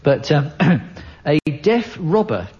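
A man's voice: on the high side, big pitch swings, slow, a little mellow, lo-fi sound. A man on a comedy panel reading out a news cutting with wry storytelling timing. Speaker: quiz panelist. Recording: broadcast with studio audience.

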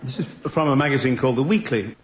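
A man's voice: medium pitch, quick pace, lo-fi sound, some chatter behind, a little hiss or hum. A man on a comedy panel making teasing jokes and reading a cutting. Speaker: quiz panelist. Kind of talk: comic panel banter. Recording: roomy broadcast with loud audience.

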